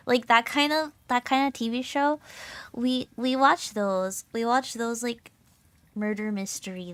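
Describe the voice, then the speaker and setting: Young woman, VTuber streamer, casual chat, bubbly, giggly, slightly sore throat, fairly high voice. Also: unhurried. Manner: bubbly, giggly, chatty, heavy filler words.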